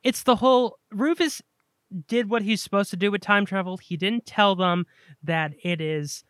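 A man co-hosting a casual chat about movies, eager and rambling, tripping over repeated words when excited. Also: sits high, normal speed, smooth, no room sound, clean studio sound. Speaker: podcast co-host.

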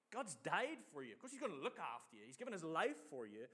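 A middle-aged man preaching a sermon in a lively, chatty way, telling personal stories and leading his audience in call-and-response. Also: sits high, fairly quick, hardly any pauses.

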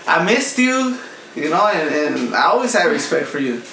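A man's voice: on the high side, sing-song, moderate pace, gravelly, bright, forceful tone. A man telling stories in a casual chat, laid-back and full of slang and swearing. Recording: echoey room with background noise.

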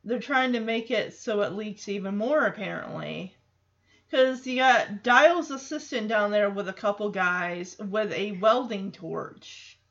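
A woman's voice: medium pitch, unhurried, fairly bright tone. A woman chatting casually through a film reaction, with many fillers and asides, in a lo-fi recording.

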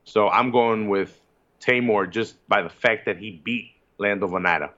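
A man co-hosting a casual fight-sports podcast, talking excitedly and swearing casually. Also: fairly low pitch, normal speed. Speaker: podcast co-host. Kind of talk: casual chat. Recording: slightly dull lo-fi sound.

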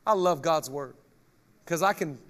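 A male pastor preaching a lively sermon, joking with the congregation and reading scripture aloud. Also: fairly high pitch, measured pace.

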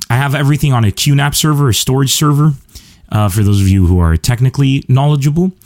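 A man's voice: mid-range voice, a little fast, darkish tone. A man hosting his comedy podcast, talking straight to listeners in a rambling, self-mocking, chatty way. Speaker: podcast host. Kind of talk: casual comedic monologue.

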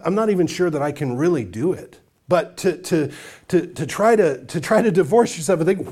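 A man's voice: a little high, darkish tone. A man preaching a sermon as pastor, talking earnestly and with emphasis, stacking up lists and putting questions straight to his congregation.

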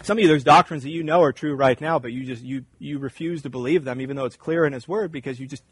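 A man's voice: mid-range voice, fast, a little hiss or hum. A man preaching a sermon in a conversational, emphatic way, acting out little dialogues. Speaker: pastor.

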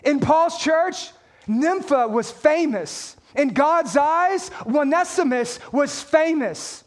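A man preaching a sermon as pastor, energetic and conversational, asking the congregation questions and reading scripture aloud. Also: very high voice, slow pace.

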